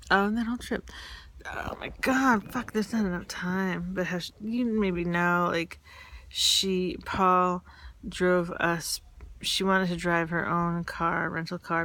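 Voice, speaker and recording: A woman from New York tells candid personal stories in a casual, rambling way. Her voice is gravelly and her pitch stays flat and even. She halts often, with fillers and restarts. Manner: candid, confessional.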